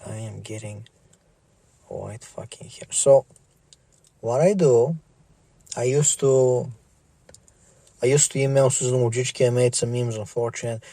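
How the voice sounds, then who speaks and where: A man's voice: medium pitch, a little slow, mellow, no echo. A middle-aged man ranting in a vlog, stammering, swearing and repeating himself. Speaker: vlogger. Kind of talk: profane ranting monologue.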